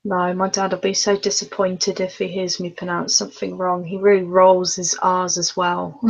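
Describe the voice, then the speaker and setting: A woman's voice: lowish voice, flat delivery, moderate pace, vocal fry, dull audio. A woman co-hosting a casual live stream chat, easygoing and laughing along. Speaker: co-host.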